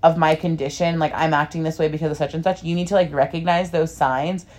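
A young woman in casual podcast chat, her voice sitting on the low side. She rambles and speaks frankly, with lots of fillers. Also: fairly even intonation, quick pace, darkish tone. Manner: rambling, filler-heavy, candid. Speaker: podcast co-host.

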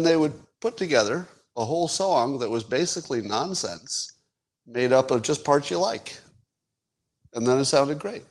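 A man in his sixties hosting his own podcast, musing wryly in casual solo commentary with chuckles and sudden jumps in pitch for emphasis. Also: moderate pace, a little mellow. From United States. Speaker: podcast host.

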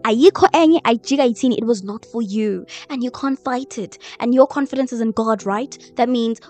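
A woman's voice: fairly high pitch, brisk, darkish tone, soft background music. A woman sharing a personal faith testimony in a chatty, emotional way, with a lot of "like". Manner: emotional, chatty, heavy use of "like". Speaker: vlogger.

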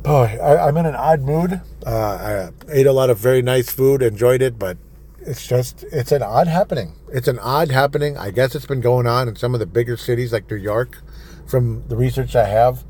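A man's voice: medium pitch, normal speed, a little mellow, slight background noise. A man hosting a solo talk show, reading news items aloud and ranting sarcastically, laughing at his own jokes. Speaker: podcast host. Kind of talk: opinionated solo commentary.

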